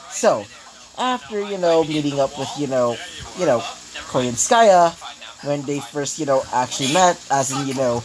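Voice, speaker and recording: A man's voice: a little high, low-quality recording. Rambling man narrating a fan story. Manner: rambling, constant fillers, frequent restarts.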